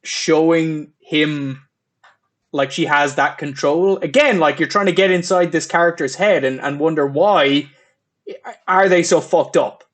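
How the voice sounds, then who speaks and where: A man hosting a casual film review podcast, talking in an animated way. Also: a little high, unhurried. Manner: animated, acts out scenes. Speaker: podcast host.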